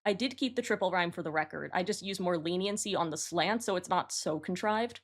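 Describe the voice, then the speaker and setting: A woman's voice: lowish voice, a little fast, hardly any pauses. A woman hosting her own channel, giving matter-of-fact, analytical commentary as she reworks song lyrics. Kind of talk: explanatory commentary to camera.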